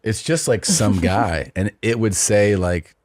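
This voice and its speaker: A man's voice: fairly low pitch, expressive, a little slow, darkish tone, no room sound, clean studio sound. A man co-hosting a casual comedy podcast, telling rambling stories in a laid-back way and swearing freely. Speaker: podcast co-host.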